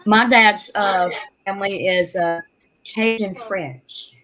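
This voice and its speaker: A chatty woman with a Southern Louisiana drawl talks casually and trips over her own restarts. Her voice sounds bright and clear, pitched in an ordinary middle range. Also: steady tone, slow pace, rough recording. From Louisiana, USA. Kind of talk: casual chat.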